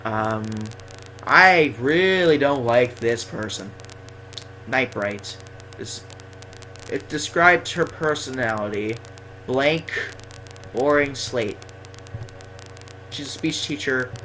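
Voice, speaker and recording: A man's voice: mid-range voice, expressive, slow pace, pauses often, pushed and bright, slight background noise, poor audio. A young man telling rambling, self-deprecating stories casually while playing a game. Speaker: gaming vlogger. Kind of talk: casual storytelling over gameplay.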